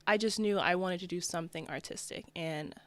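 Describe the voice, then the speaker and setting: A young woman from New Jersey, a fashion designer guest, chatting in a relaxed, laid-back way. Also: lowish voice, fairly quick. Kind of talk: casual interview.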